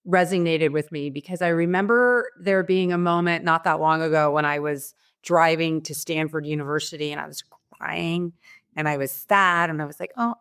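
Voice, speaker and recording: A woman's voice: lowish voice, fairly bright tone, clear, resonant tone. A woman co-hosting a podcast, opening up and telling a personal story. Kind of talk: podcast interview.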